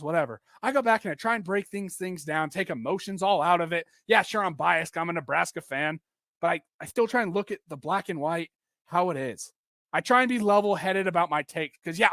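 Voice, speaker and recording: A young man in his twenties rants on his own podcast, frustrated and emphatic. His voice sits high and sounds bright and forceful. The recording is dry and close. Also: no echo. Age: 20s. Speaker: podcast host and football coach. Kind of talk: solo podcast rant.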